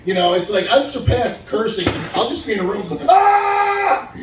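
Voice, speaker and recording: A man in his forties doing a stand-up set at an open mic, animated as he tells stories and acts out phone calls. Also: sits high, heavy background noise. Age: 40s. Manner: animated storytelling, acts out phone calls, laughs at own jokes. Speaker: stand-up comedian. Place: stage at a live open mic. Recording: roomy venue sound from a distance.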